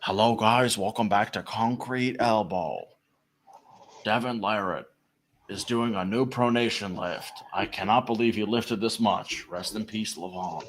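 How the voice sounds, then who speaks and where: A man imitating a male YouTuber's channel intro in a slow, flat, murmured voice. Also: fairly low pitch, slight background noise, natural voice. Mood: deadpan mock.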